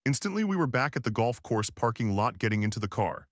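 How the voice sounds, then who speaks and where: A man narrating an audiobook in the first person, calm and measured. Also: medium pitch, no echo.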